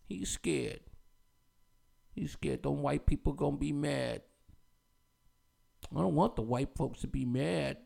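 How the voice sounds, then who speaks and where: A man mocking a frightened, whiny man who fears others' anger, in a lower, softer voice. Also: slow pace, creaky, pauses often, exaggerated voice. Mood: mocking whine. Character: timid frightened man whining about his fears.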